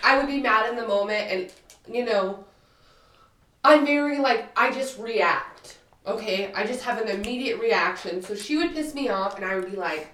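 A woman's voice: mid-range voice, unhurried, fairly bright tone, distant mic. A woman in her twenties co-hosting a podcast, talking bluntly and emphatically with plenty of swearing. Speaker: podcast co-host. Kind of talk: casual chat. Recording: roomy sound, a bit off-mic.

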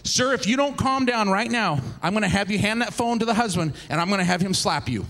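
Man putting on a commanding doctor, stern, clipped orders, lower and faster than his own voice, bright tone, faint background noise. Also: lively intonation, gravelly, full character voice. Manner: firm, clipped instructions. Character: stern male doctor on the phone, calm and commanding.

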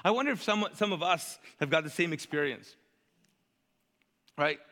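High, bright-voiced pastor preaching. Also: male voice, moderate pace, in a large hall. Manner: conversational, animated, asks the crowd to fill in words. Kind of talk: sermon.

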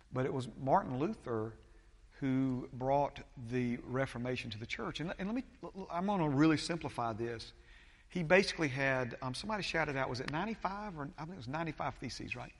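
Man, pastor, halting sermon, ums and restarts, mid pitch, long church-hall echo. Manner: halting, many fillers and restarts.

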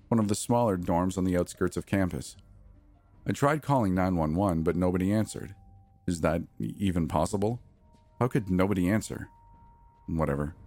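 A man narrating a first-person horror tale in a very deep, low voice. His telling is measured and tense, with faint music playing underneath. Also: a little mellow, dry recording.

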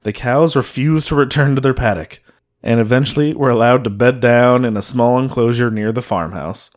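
A man's voice: medium pitch, moderate pace. A man on a casual comedy podcast reading a paranormal story aloud and stopping to joke with his co-hosts. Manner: reads aloud, breaks off to joke.

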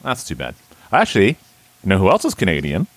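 A man's voice: deep voice, huge pitch swings, a bit bright, no room sound. A man co-hosting a casual podcast, joking around and laughing easily. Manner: playful, wisecracking, quick to laugh. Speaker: podcast co-host. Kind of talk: casual chat.

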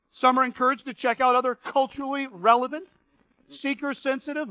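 High-voiced bright male preacher. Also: clean tone, no echo, highs cut off. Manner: earnest, reads quotes aloud with emphasis. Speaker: pastor. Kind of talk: sermon.

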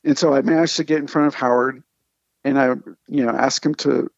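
A man, a comic artist, telling animated anecdotes in casual conversation and acting out the people he quotes. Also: mid-range voice, brisk, no echo, highs cut off. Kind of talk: casual storytelling.

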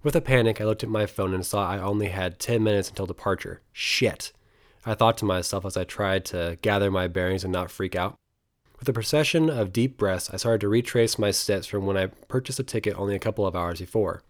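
A man's voice: lowish voice, quick pace. A young man reading his own travel memoir aloud in an earnest, reflective storytelling manner. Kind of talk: memoir narration read aloud.

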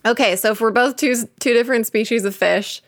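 A woman's voice: on the high side, brisk. A woman co-hosting a podcast in casual chat, rambling and chatty with lots of fillers. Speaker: podcast co-host.

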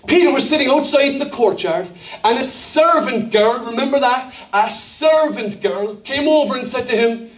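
A man's voice: extremely high pitch, expressive, moderate pace. An Irish man preaching a sermon as pastor, telling a story with emphasis and calling for responses. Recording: roomy hall, mic at a distance.

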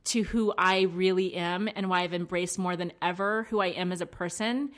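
A woman's voice: lowish voice, steady tone, moderate pace. A young adult woman co-hosting a podcast in casual chat, laughing and giggling often as she talks. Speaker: podcast co-host.

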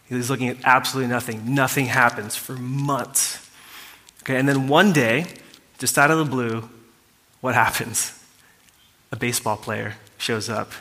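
A man's voice: medium pitch, bright, forceful tone. A man preaching to a congregation in a church hall, telling a story in a casual, conversational way with fillers and asides to the listeners. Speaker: pastor. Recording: reverberant hall.

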